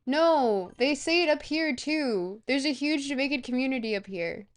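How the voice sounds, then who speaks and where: A woman's voice: high voice, lively intonation, normal speed. A young woman streamer chatting casually and rambling as she reads out and answers viewer questions. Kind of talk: casual chat with a live stream audience.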